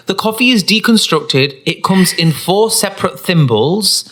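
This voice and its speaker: A man's voice: sits high, a little slow, few pauses. A man co-hosting a podcast, ranting sarcastically in casual chat. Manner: sarcastic, mocking, animated. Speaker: podcast co-host.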